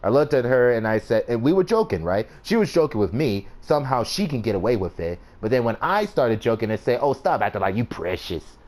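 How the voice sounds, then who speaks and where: A man's voice: mid-range voice, very animated, brisk, few pauses, darkish tone. A man hosting a casual chat, who tells stories and laughs often. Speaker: host.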